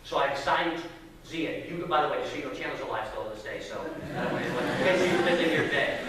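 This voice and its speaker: A man preaching, telling a family story with lively acted-out voices. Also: mid-range voice, a little fast. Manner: animated storyteller acting out voices. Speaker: pastor. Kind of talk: sermon storytelling. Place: church sanctuary. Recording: echoey hall from far off.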